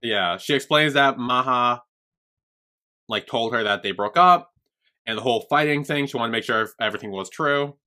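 A young man on a podcast, chatting casually through an episode recap. His voice is bright and forward, with a middling pitch. He rambles, swears a lot, and slips into the characters' lines as he goes. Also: moderate pace. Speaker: podcast co-host.

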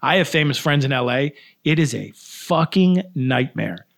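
A man with a gravelly, creaky voice chats on a podcast, spinning profane, animated stories. His pitch sits in an ordinary middle range. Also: normal speed. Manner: storytelling, profane, animated asides. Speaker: comedy writer and guest. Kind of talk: casual podcast chat.

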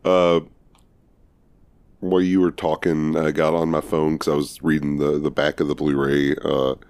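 A man with a strikingly low, deep voice talks casually on a podcast. He is loose, jokey and swears freely. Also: level tone, normal speed, a little mellow, smooth. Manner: joking, loose and profane. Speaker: podcast co-host. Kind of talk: casual chat.

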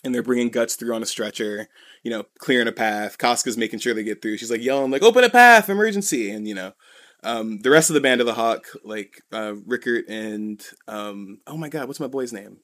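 A man's voice: lowish voice, steady tone, brisk. A man co-hosting a podcast, recapping a comic in casual chat, rambling and full of "you know" and "like". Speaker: podcast co-host.

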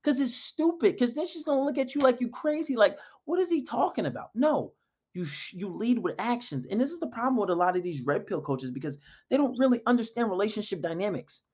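A man's voice: very high-pitched, expressive, brisk, darkish tone. A man giving dating advice in a casual monologue, blunt and emphatic, often acting out quoted dialogue. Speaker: dating coach.

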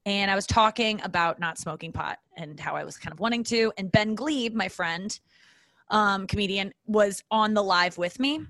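A woman's voice: mid-range voice, normal speed, a bit bright, no room sound. A woman in her forties talks alone into a podcast microphone in a loose, rambling monologue. She is self-deprecating, swears casually and keeps drifting off track before steering back. The sound is close and dry, with no room around it. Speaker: podcast host.

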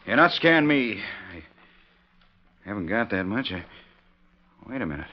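An actor playing a surly, quarrelsome young cowboy at a card table, on a dull old radio recording. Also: male voice, fairly low pitch, very animated, normal speed. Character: hotheaded young male cowboy card player. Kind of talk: 1940s radio acting.

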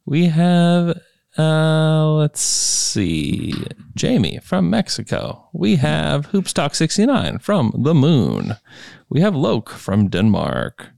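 Slow gravelly man reading stream shout-outs. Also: on the high side, huge pitch swings, dry recording, clean studio sound. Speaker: podcast host.

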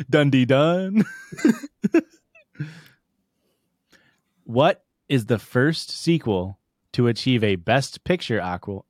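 A man's voice: mid-range voice, sing-song, extremely slow, pauses often, husky, dry recording, studio quality. A man co-hosting a podcast, trading jokes and laughing often in casual banter. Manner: joking, riffing, laughs often. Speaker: podcast co-host.

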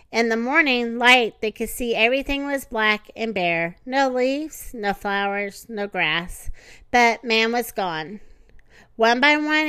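A woman reading a children's storybook aloud, gentle and expressive. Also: a little high, clean tone, no echo. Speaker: narrator.

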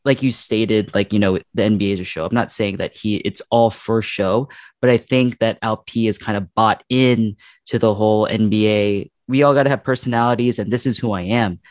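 Guy with a lowish voice gushing about hoops, lots of likes and ums, dry sound. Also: steady tone, moderate pace, dry recording. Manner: enthusiastic, rambling with fillers. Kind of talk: casual sports chat.

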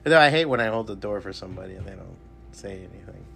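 A man in a casual chat in a comic shop, joking around and laughing quickly between short quips. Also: low-pitched, animated, creaky, pushed and bright.

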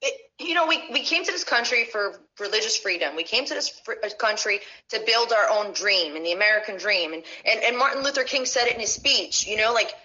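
A woman's voice: mid-range voice, expressive, a little fast, hardly any pauses, bright, forceful tone. A woman talking as a guest on a podcast, impassioned and casual, swearing and restarting her sentences. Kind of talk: casual political talk. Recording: muffled audio over a phone network.

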